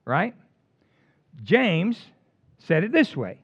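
An older man preaching a sermon in an animated storytelling way, with casual slang. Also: high voice, extremely slow, creaky, husky, dry recording. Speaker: pastor. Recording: dull lo-fi dry recording.

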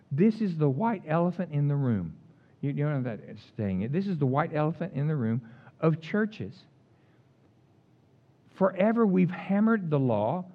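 A male pastor delivers a sermon in a folksy, animated style, his voice sitting high for a man. He swings between loud, emphatic declarations and soft, low asides. The recording sounds dull and lo-fi.

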